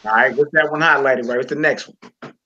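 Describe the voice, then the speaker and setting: A man's voice: medium pitch, fairly even intonation, fairly quick, bright, forceful tone, dull audio, slight background noise. A man teaching a reading lesson, patient and encouraging, repeating words and checking in with the learner often.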